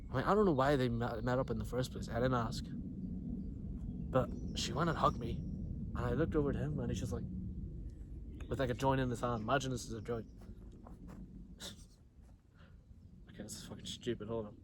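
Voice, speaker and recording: A man's voice: medium pitch, fairly quick, long pauses, background noise. A young man telling a story to camera outdoors, in a slangy, profane, rambling way with lots of restarts. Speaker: vlogger. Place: outdoors near trees. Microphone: camera he films himself with.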